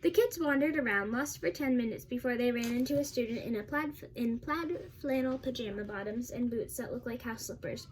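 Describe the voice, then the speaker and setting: High-voiced woman reading a children's novel. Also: fairly quick, hardly any pauses. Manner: steady storytelling with small slips and restarts. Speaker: audiobook reader.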